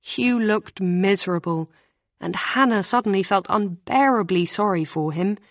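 A woman narrating an audiobook with a calm, even delivery. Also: medium pitch, measured pace, dry recording.

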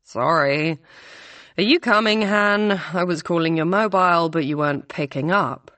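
A woman voicing a young female student who asks brisk, offhand questions. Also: fairly low pitch, a bit bright, no echo, lightly acted. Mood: casual.

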